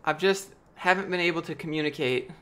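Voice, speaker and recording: A man's voice: on the high side, normal speed, a bit bright, clean tone. A young man chatting casually on a live stream, answering chat with rambling, jokey, profane talk.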